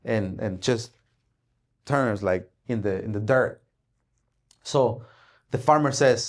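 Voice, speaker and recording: Animated man telling a parable. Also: on the low side, slow pace, pauses often. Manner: animated storytelling, acts out dialogue, frequent "right?" tag. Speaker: speaker at an investing event. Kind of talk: motivational talk with a parable.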